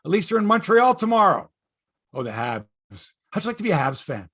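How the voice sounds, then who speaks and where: A man's voice: high-pitched, very animated, a little fast, fairly bright tone, slightly rough, no room sound, studio quality. A man from Canada hosting a casual sports chat, profane and ranting, often repeating himself. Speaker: sports show host.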